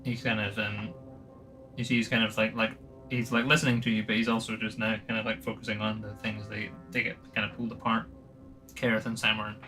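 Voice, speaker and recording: Game master guy rambling thru the scene, bright voice, lots of um and like. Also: fairly low pitch, flat delivery, brisk, soft background music. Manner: rambling, filler-heavy. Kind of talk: narrating a tabletop game.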